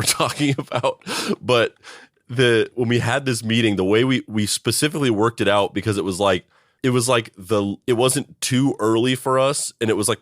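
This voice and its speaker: A man's voice: fairly low pitch, no echo, studio quality. A man co-hosting a podcast, rambling casually with restarts and swearing. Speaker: podcast co-host. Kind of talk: casual comedic chat.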